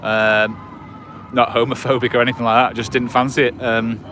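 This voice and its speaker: An Englishman in his forties livestreams from a nighttime promenade on a gimbal-mounted phone, chatting casually and rambling with plenty of fillers and restarts. His mid-range voice barely moves in pitch, runs a little fast with a sharp tone, and there's slight background noise.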